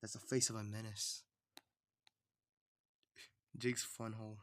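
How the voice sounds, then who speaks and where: A man's voice: lowish voice, little pitch movement, slow pace, fairly bright tone. A man streaming while he draws and animates, talking to himself in a rambling, chatty way. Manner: rambling, chatty self-talk. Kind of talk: casual livestream chat.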